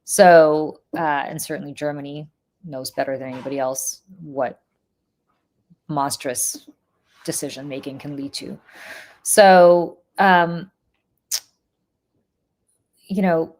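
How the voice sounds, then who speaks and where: Low-voiced woman with a Russian accent. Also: fairly even intonation, takes it slowly, long pauses, darkish tone. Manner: earnest, emphatic, filler-heavy. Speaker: podcast co-host. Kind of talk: casual political podcast chat.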